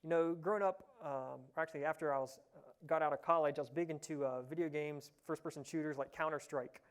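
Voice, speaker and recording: A man from Ohio, giving a casual conference tech talk, relaxed and chatty with lots of "uh" fillers. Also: on the high side, quick pace. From Ohio, USA. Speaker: conference presenter. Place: conference session room.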